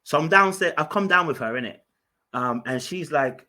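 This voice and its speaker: A man's voice: medium pitch, brisk, pushed and bright. A man hosting a podcast, telling a story in an emphatic, casual way and often restarting and repeating his words. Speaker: podcast host.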